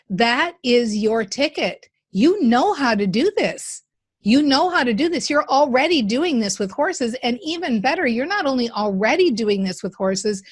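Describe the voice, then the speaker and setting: A woman hosting a podcast, coaching her guest with enthusiasm and encouragement, often repeating key phrases. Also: on the high side. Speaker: podcast host and mindset coach. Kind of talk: coaching conversation.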